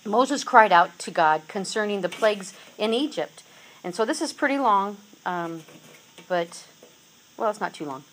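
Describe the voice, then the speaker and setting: A woman's voice: medium pitch, lively intonation, a little slow, slight background noise, low-quality recording. A woman teaching a Bible lesson and reading scripture aloud, talking conversationally with fillers and self-corrections. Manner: reads scripture aloud with rising intensity, then drops to soft asides.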